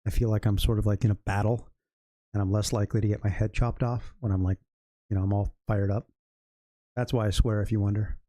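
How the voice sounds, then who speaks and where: A man's voice: lowish voice, flat delivery, fairly quick, mellow, no room sound, studio quality. A man live-streaming his day trading, talking loosely to himself and his chat and swearing freely. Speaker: day trader livestreaming.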